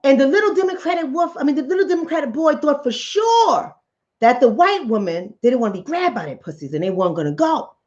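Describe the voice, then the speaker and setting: A woman tells a political fable on her own channel, jumping into character voices as she goes. Her voice sits high and swings widely in pitch. The recording is slightly dull and lo-fi. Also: a little fast. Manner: animated storyteller acting out characters' lines. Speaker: channel host, relationship coach. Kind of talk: political commentary told as a fable.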